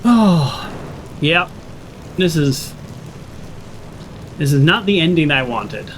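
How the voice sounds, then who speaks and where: A man's voice: on the high side, big pitch swings, slow, a little hiss or hum, rough recording. Sarcastic man narrating a game. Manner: sarcastic, grumbling, thinks aloud. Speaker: gaming channel host. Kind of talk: let's play commentary.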